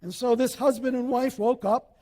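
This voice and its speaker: A male pastor preaching a sermon, animated, acting out little scenes and quotes as he goes. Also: extremely high pitch, moderate pace, in a large hall.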